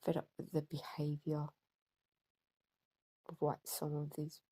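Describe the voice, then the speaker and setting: A woman's voice: sits low, monotone, a little slow, warm tone, no echo, low-quality recording. A woman vlogging, angry and upset, talking hesitantly with a lot of fillers and self-corrections. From Britain. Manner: hesitant, stuttering, with many fillers. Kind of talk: personal vlog rant.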